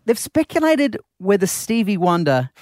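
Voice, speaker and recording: A man with an Australian accent co-hosting a breakfast radio show, telling stories in an animated way. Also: high voice, moderate pace, no room sound, studio quality. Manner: animated storytelling. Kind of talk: casual radio banter.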